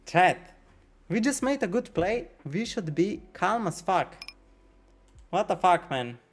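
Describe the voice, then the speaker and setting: A man streaming poker, thinking out loud about each hand, swearing often and questioning his own nerves as he talks to his chat. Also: high-pitched, big pitch swings, unhurried. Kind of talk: live-stream commentary while playing.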